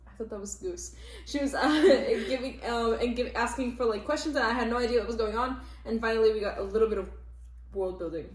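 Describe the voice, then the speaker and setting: A woman co-hosting a book podcast who rambles excitedly and swears for emphasis. She sits back from the microphone, so her voice sounds a bit distant, and the room gives it a clear echo. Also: fairly high pitch, a little fast. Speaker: podcast co-host. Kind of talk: casual book club chat.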